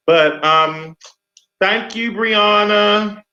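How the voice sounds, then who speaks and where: A man's voice: high-pitched, drawn-out words, pushed and bright. A man hosting a casual group chat on a remote call, steering the talk and teasing the others. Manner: teasing, leads the conversation. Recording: muffled lo-fi call audio.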